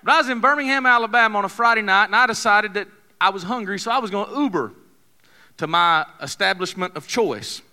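A man's voice: sits high, fairly quick, sharp tone. A man, preaching a sermon in a folksy, joking, conversational way, telling a story to his congregation. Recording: long hall reverb.

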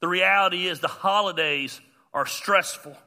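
Guy pastor, high bright voice, jokey animated sermon. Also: normal speed. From US South. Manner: animated, self-deprecating humor.

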